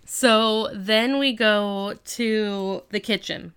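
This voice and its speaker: A woman co-hosting a podcast, chatting casually as she retells a TV episode with animated storytelling. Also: mid-range voice, very slow, smooth. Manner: animated storytelling, acts out quoted lines. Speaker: podcast co-host. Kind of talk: casual episode recap chat.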